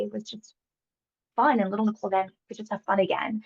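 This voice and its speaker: A woman's voice: mid-range voice, fairly even intonation, fast, vocal fry, slightly rough, dull audio. A woman in her thirties, a hypnosis client, telling her experience in a candid, emotional, rambling way with many fillers. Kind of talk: candid conversational interview.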